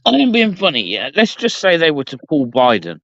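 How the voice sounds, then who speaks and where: A man's voice: fairly high pitch, huge pitch swings, fairly quick, a bit bright, no room sound, muffled recording. A man on a live panel, blunt and casual with slang.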